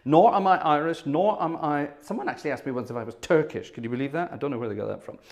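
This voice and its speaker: A man's voice: a little high, fast talker, a little mellow. Chatty posh Scottish man. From north of Scotland. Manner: chatty, self-correcting, switches between German and English. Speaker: organist and livestream host. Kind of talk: casual livestream chat.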